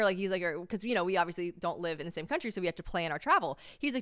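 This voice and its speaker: Young woman podcast host, rambling storyteller, smooth and close-miked. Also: medium pitch, lively intonation, fast talker, no room sound. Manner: rambling storytelling, acts out quoted voices. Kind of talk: casual chat.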